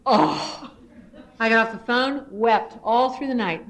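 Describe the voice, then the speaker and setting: Animated middle-aged woman telling her story. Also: slow, noisy background. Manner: animated storyteller, swings to high excited re-enactment; earnest, spiritual reflection. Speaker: speaker sharing at a recovery meeting. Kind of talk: personal testimony talk.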